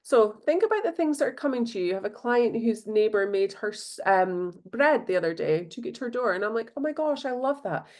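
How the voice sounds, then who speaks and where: A woman's voice: medium pitch, animated, fairly quick, hardly any pauses, darkish tone. A Scottish woman hosting a solo podcast, talking in a bubbly, chatty way with many fillers. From Scotland. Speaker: podcast host. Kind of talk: casual solo podcast talk.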